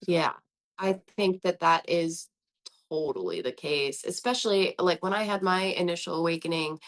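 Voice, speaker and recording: An American woman in her thirties hosting a podcast, telling her own story in an animated way and laughing often. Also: fairly low pitch, moderate pace. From United States. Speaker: podcast host. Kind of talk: casual conversational podcast.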